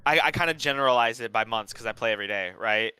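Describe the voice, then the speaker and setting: Young man in his twenties, very bright crisp voice, dry sound, chatty and rambling. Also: medium pitch, quick pace, no room sound, low-quality recording. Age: 20s. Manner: rambling, chatty, trails off quietly. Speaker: student player being coached. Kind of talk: casual chat.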